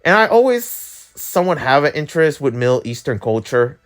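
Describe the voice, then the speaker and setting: A man's voice: a little high, very animated, a little fast, clean tone. A man hosting his own channel, talking through the news in a candid, rambling way, blunt with his opinions and often restarting his sentences. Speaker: YouTube channel host. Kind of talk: casual news commentary.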